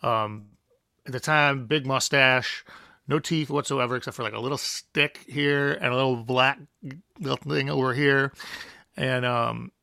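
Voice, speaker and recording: A man's voice: medium pitch, fairly even intonation, a little slow, gravelly, bright, forceful tone, smooth, no room sound, studio quality. A young adult man, a guest musician, telling a rambling story with lots of fillers and laughs. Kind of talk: casual anecdote telling.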